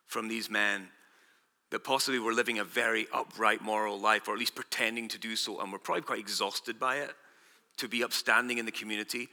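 Male pastor, fairly high and forceful voice, emphatic conversational preaching, long church-hall reverb. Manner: conversational and emphatic, swinging between loud declarations and hushed asides. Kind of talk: sermon.

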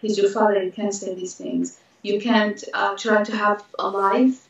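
A woman's voice: medium pitch, fairly even intonation, normal speed, gravelly. A middle-aged woman from Jordan, earnestly sharing her side of a story in casual conversation. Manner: earnest, adds short confirmations and details. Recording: very echoey room, dull lo-fi sound.

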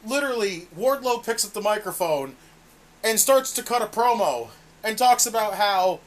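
A high-voiced man with lively intonation and a moderate pace co-hosts a wrestling review podcast. His talk is casual, exasperated and full of swearing.

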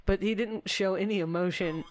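Woman podcast co-host, casual chat, teary and giggly, animated storyteller. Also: mid-range voice, normal speed. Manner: laughs often, emotional, animated storytelling. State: teary, laugh-crying.

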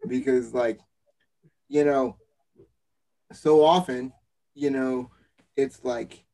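Male co-host, gravelly mid-pitched voice, earnest and supportive, casual chat. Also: steady tone, drawn-out words, mellow. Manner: earnest, supportive, many fillers. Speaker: podcast co-host.

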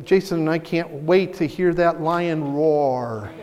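A man preaching a sermon as pastor, animated and excitable, often stumbling and restarting as he speaks. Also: on the high side, takes it slowly, big-room sound. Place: church sanctuary.

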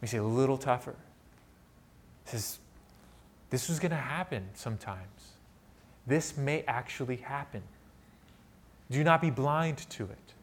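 A man delivering a sermon as a pastor, swinging from loud emphatic peaks to quiet asides and putting rhetorical questions to the congregation. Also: medium pitch, expressive, unhurried, long pauses. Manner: asks the audience rhetorical questions.

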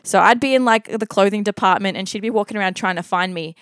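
Speaking fast at medium pitch over slight background noise, a woman casually tells an awkward personal story. She is animated, laughs along, and acts out the dialogue.

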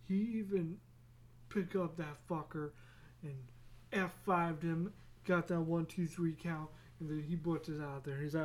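Podcast host, casual solo chat, rambling, laughs a lot, restarts words, slow pace. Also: mid-range voice, a little mellow. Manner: rambling, laughs often, restarts words, acts out quick silly voices.

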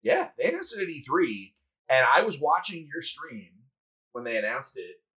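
Husky-voiced, rambling podcast co-host. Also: mid-range voice, sing-song, normal speed, a bit bright, rough recording. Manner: rambling, lots of fillers and restarts. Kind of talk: casual podcast chat about video games. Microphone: remote call over Discord.

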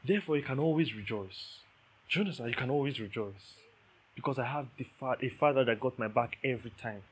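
A man delivers a sermon in a husky, slightly rough voice. He preaches with emphasis and repeats his key lines. He keeps checking that his listeners follow him. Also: medium pitch, fast talker. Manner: emphatic, repeats key phrases, asks the audience "do you understand".

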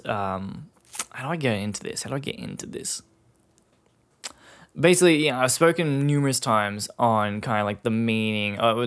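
A man's voice: mid-range voice, fairly bright tone. A young Australian man hosting a solo podcast, rambling casually with plenty of swearing, fillers and laughs. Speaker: podcast host.

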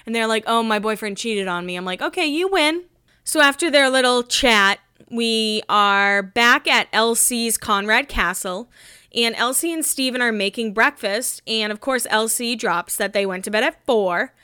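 A woman in her thirties hosts a podcast, chatting casually in a recap while getting over a cold, with giggly asides. Her voice is on the high side, bright and forceful, smooth and measured, recorded at studio quality with no room sound.

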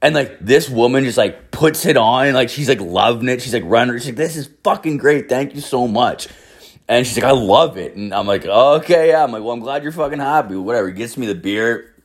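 A young man from Ireland telling a rambling, swear-filled party story in casual chat, acting out quotes with sudden jumps in pitch. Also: brisk. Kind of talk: casual anecdote, heavy swearing.

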